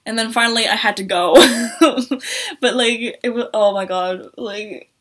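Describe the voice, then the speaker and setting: A young woman tells a fan story to her camera with bright, high-set energy. She gushes, swears freely and jumps into a squeaky voice whenever she quotes someone. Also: measured pace. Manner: gushing, swears a lot, acts out quotes in a high voice. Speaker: vlogger. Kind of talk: excited story time vlog.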